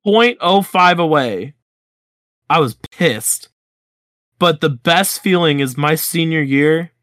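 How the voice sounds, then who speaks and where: Co-hosting a podcast, a man in his twenties recounts a school story in relaxed conversation, animatedly performing each bit of dialogue. His pitch runs on the high side. There's no room sound, and the quality is studio-grade.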